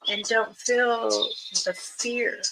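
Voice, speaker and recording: A woman elder telling a rambling spiritual story on a livestream, her voice jumping suddenly up in pitch. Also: flat delivery, very slow, sharp tone, low-quality recording. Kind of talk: casual spoken storytelling on a livestream. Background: music.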